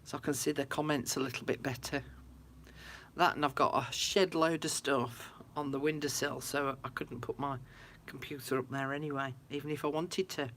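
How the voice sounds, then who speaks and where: A woman's voice: a bass voice, steady tone, moderate pace, fairly bright tone, slight background noise. Chatty woman livestreaming. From United Kingdom. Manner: chatty, talks to viewers, frequent laughs. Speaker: craft livestream host. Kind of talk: casual livestream chat. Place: room at home by a window.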